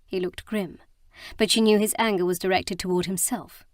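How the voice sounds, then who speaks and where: Calm woman narrating a romance audiobook. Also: medium pitch, normal speed, no room sound, clean studio sound.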